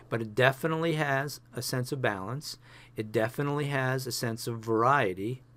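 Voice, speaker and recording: A man teaching a photography class, talking through example pictures with many fillers and restarts. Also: mid-range voice. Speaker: photography instructor.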